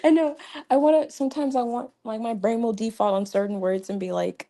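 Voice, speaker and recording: A woman's voice: fairly high pitch, steady tone, brisk, dark tone. A young woman hosting a casual livestream, chatty and laughing often, with many fillers. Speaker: livestream host.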